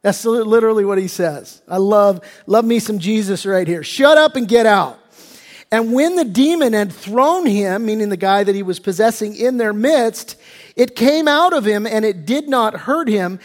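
A man's voice: sits high, moderate pace, big-room sound. A male pastor preaching a sermon in a church sanctuary, talking in a folksy, conversational way with stumbling restarts.

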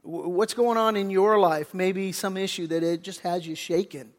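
A man's voice: high voice, steady tone, moderate pace. A man preaching a sermon as pastor, talking conversationally and acting out quoted voices, with frequent restarts. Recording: church hall reverb.

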